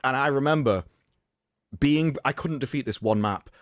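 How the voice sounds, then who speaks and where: A man's voice: mid-range voice, normal speed, dry recording, studio quality. A man co-hosting a live stream, rambling and opinionated in casual chat. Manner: rambling, opinionated, frequent restarts. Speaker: stream co-host.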